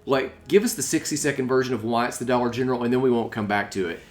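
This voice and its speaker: A man's voice: mid-range voice, fast. A man hosting a podcast in casual chat, rambling and restarting his sentences, often laughing along with his guest. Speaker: podcast host.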